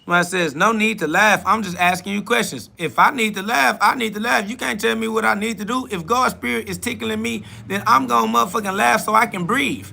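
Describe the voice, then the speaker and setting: Bright-voiced man mocking his chat. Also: sits high, a little fast, creaky, few pauses. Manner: blunt, mocking, laughs often. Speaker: podcast host. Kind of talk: live solo podcast answering chat questions.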